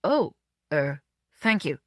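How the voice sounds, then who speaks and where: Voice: medium pitch, very animated, takes it slowly, fairly bright tone, no room sound, clean studio sound. A reader voicing a cheerful, polite young man who works as a stunt double. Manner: polite, eager, slightly fussy.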